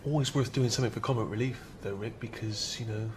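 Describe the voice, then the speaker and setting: A man's voice: fairly low pitch, quick pace, background noise, lightly acted. An actor playing an awkward male talent agent in a sitcom, talking in a hesitant, placating way. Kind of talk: sitcom acting.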